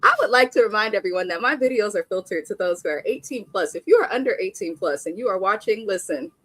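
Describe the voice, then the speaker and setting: A woman's voice: medium pitch, expressive, fast, fairly bright tone, dry recording. Blunt chatty woman hosting a live recap. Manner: blunt, candid, chatty with frequent asides. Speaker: reality TV reviewer hosting a live stream. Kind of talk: casual live recap and commentary.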